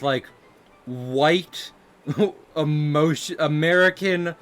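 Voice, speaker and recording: A livestreaming artist chats casually while he draws, rambling, giggling, often laughing and starting over. His voice is on the high side and a bit bright, and he takes his time.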